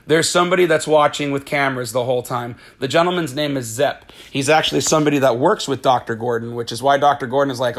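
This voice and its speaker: A man casually retelling a film's plot, excitable and swearing freely, acting out the characters' lines as he goes. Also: medium pitch, quick pace, hardly any pauses. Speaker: movie recap host. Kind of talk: casual spoiler-filled movie recap.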